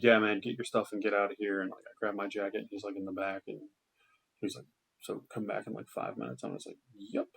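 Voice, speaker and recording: A man's voice: on the low side, creaky. A man doing a stand-up set, telling a loose, rambling retail story full of fillers. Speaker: stand-up comedian.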